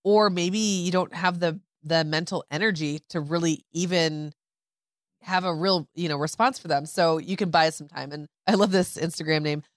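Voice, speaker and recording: Woman, podcast co-host, lower pitch, conversational, reads quotes aloud, dry studio sound. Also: fairly even intonation, moderate pace, no room sound. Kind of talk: casual chat.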